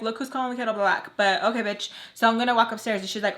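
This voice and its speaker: A young woman telling a storytime on her own channel while doing her makeup, rambling with lots of fillers and animated quoted bursts. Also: mid-range voice, fast talker, hardly any pauses. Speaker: storytime vlogger. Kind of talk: casual storytime chat. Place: at home, doing makeup on camera.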